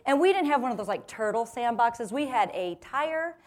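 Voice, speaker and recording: A woman in her forties giving a humorous storytelling talk to a live audience, lively and self-mocking, laughing often and acting out what people said. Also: fairly high pitch, normal speed. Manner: lively, self-mocking, acts out quoted voices. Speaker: motivational speaker.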